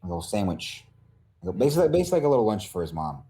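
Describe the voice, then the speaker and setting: Low-voiced man, halting tabletop player. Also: sing-song, mellow. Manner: halting, with many fillers. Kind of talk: casual tabletop game play.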